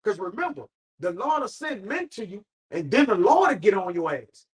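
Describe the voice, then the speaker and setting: A man's voice: high voice, sing-song, moderate pace, low-quality recording. A man leading an informal Bible study, preaching emphatically and swearing casually as he talks.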